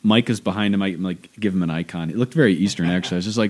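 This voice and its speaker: A young man chatting casually, telling lively stories and acting out children's voices. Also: lowish voice, quick pace. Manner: animated storyteller, acts out kids' voices. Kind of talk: casual chat.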